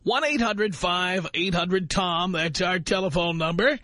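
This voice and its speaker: Pitched high and pushed bright, this man's voice moves at a measured pace on a dry studio recording. Hosting talk radio, he delivers provocative, emphatic lines and keeps repeating his signature phrase.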